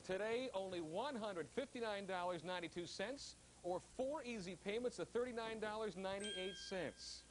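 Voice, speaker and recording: A man's voice: sits high, normal speed, hardly any pauses, background noise. A man hosting a shopping channel, folksy and salesy, bantering with callers and his co-host.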